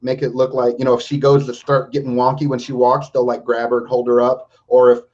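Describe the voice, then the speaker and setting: A man's voice: medium pitch, completely flat delivery, fast, a little mellow. A man hosting a podcast in casual chat, talking bluntly and swearing constantly. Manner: blunt and heavily profane. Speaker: podcast host. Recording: dull lo-fi recording.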